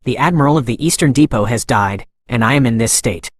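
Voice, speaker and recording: A man's voice: mid-range voice, brisk, no room sound, natural voice. A man narrating a haughty young prince from a storybook-style recap, spoiled and cruel. He rants and sneers at the people around him in a mid-range voice. The sound is dry and close. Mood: fearful sneering. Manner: ranting, then begging. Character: arrogant young male prince, cruel, panicky.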